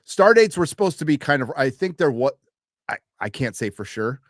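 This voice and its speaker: A man co-hosts a casual talk show, animated and quick to laugh. His pitch moves a lot, and the sound is dry and close. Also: no room sound. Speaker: podcast co-host. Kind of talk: casual chat.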